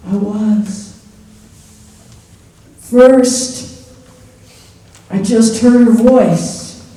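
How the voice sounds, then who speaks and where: A woman's voice: mid-range voice, mellow, lightly acted. A woman performing a poor young trailer-park mother in a live one-woman theatre monologue, confiding her story and addressing the listener by name. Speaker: stage character. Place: theatre stage. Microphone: distant stage mic. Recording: echoey theatre from far off.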